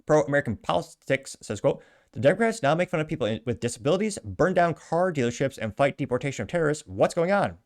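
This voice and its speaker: A man's voice: fairly high pitch, big pitch swings, fast talker. A man hosting an online show, reading out viewer comments and adding wry, offhand remarks between them. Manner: wry, offhand asides with chuckles. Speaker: show host.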